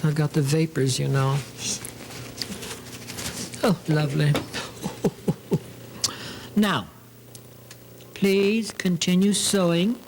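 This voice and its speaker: Over a noisy background, a man with a fairly high voice hosts a sewing demonstration. His manner is theatrical and camp, peppered with "lovely" and "darlings."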